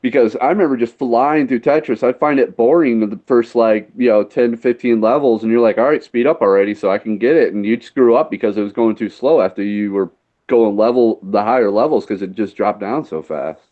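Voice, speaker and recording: A man's voice: mid-range voice, a little fast, narrow, tinny audio. A man co-hosting a casual podcast, rambling about games with many fillers and restarts. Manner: rambling, filler-heavy, searching for words. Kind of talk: casual chat.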